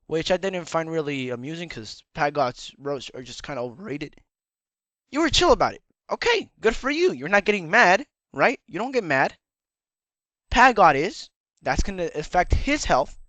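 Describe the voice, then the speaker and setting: A man's voice: on the high side, bright, forceful tone, dry recording. A man giving rambling casual commentary in a lecturing tone, his slightly worn voice cracking now and then. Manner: rambling and lecturing, keeps tagging "all right?". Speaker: YouTube commentator.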